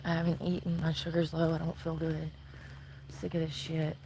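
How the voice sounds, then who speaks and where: A woman's voice: deep voice, monotone, moderate pace, dark tone, slight background noise, rough recording. A woman livestreaming outdoors at night from her phone, bitter and swearing constantly as she rants. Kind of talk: angry profane ranting livestream. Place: outdoors at night near a shopping center. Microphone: phone camera.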